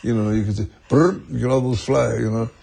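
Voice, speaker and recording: A man's voice: mid-range voice, flat delivery, quick pace, creaky, dark tone, slightly rough. An older man telling stories in an interview, rambling and chuckling as he goes. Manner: rambling, chuckling, restarts often. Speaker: interview guest. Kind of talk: storytelling in an archive interview.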